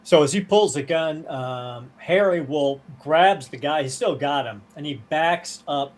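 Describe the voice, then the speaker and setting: A man's voice: on the high side, a little slow. Man playing a tabletop game, thinking aloud. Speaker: player. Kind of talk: casual tabletop game play.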